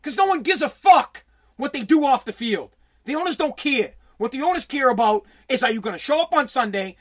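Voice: high-pitched, fairly bright tone. A sports talk host giving heated, blunt commentary full of swearing, restarting sentences often while reading viewer comments. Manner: heated, profane, blunt, with frequent repeated restarts.

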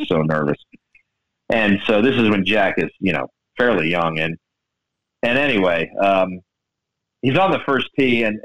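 Animated male golf radio host. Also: poor audio. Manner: animated storyteller, lively swings in pitch. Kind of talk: casual sports radio chat.

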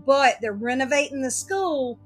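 A woman's voice: high-pitched, normal speed, soft background music. A woman telling a story in casual chat, acting out what everyone said. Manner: animated storytelling, acts out quoted dialogue.

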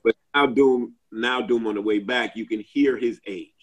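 A man's voice: on the low side, fairly even intonation, moderate pace, low-quality recording. A man in a casual group chat, talking at length with many fillers and restarts.

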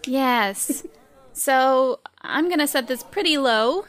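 A fairly high-pitched woman running a tabletop role-playing game as game master. She talks in an animated, chatty way, slipping into playful character voices. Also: slow pace.

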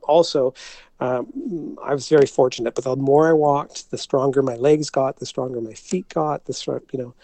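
A man, an interview guest, telling a personal story in a halting way, with many restarts and frequent laughter. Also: medium pitch, fairly even intonation, warm tone, dry recording.

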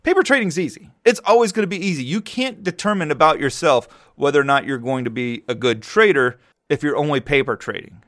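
Male podcast host, casual solo talk, loose joking delivery with big excited pitch jumps. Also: a little fast, no echo, studio quality. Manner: animated storytelling, jumps high when excited.

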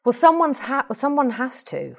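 A woman from England, speaking as an actor in an interview in a lively, colourful, animated way. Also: high-pitched, moderate pace, creaky. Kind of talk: reflective conversational interview.

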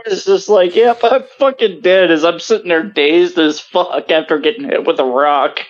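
A man's voice: on the high side, moderate pace. A man telling a profane, laughing story in casual podcast chat over voice chat. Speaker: podcast co-host. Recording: dull lo-fi voice chat audio.

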